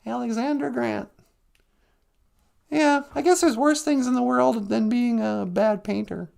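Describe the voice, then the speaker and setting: High, gravelly woman hosting comic chat. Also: a little slow, a little mellow. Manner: mock-earnest and sarcastic, with solemn mock prayers. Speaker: host. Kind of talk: comic live-stream chat.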